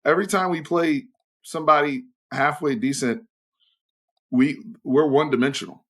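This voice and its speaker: A young adult man hosts sports commentary that's blunt and full of opinions, speaking at a normal speed. He curses freely, lurching from loud outbursts to quiet, pointed asides.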